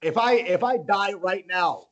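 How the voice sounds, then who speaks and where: A man doing animated, rambling stand-up comedy over a video call, often tossing in "okay?" and "oh my God". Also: high-pitched, measured pace, muffled recording, crowd noise.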